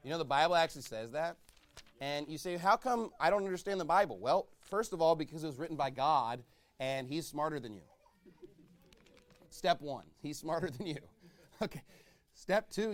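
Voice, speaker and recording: A male pastor preaching a sermon, reading scripture slowly and swinging between loud shouted calls and low quiet asides. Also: lively intonation. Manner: reads scripture in slow, drawn-out cadence.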